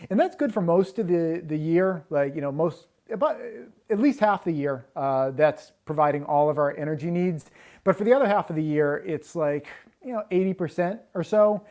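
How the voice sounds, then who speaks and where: A man's voice: a little high, moderate pace, a little mellow. A man who is a homesteading guest, explaining his projects in an easygoing, casual interview. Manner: easygoing, explanatory, many fillers.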